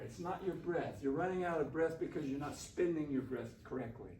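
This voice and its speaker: A man leading a shakuhachi workshop, coaching students on their breathing in a relaxed, encouraging way. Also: on the high side, fairly quick. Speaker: shakuhachi teacher. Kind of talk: workshop instruction. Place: classroom. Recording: roomy, distant mic, faint room noise.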